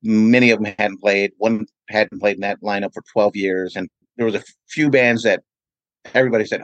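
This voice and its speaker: A man's voice: lowish voice, fairly even intonation, normal speed, a bit bright, no room sound, lo-fi sound. A man who promotes events, answering interview questions with long, rambling anecdotes full of "you know". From California, USA. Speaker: event promoter and radio DJ, podcast guest. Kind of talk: casual interview storytelling.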